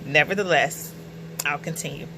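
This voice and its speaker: A middle-aged woman telling personal stories in a casual, animated vlog, often laughing as she goes. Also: deep voice, normal speed, background noise. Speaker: vlogger.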